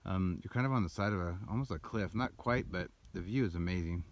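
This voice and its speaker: A man's voice: sits low, fairly quick, noisy background. A man narrating his hike in a casual trail vlog, rambling as he walks and points out the route, outdoors on a mountain trail, recorded on a handheld camera. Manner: rambling, breathy while climbing, pointing out the route. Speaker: hiker vlogger. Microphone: handheld camera while walking.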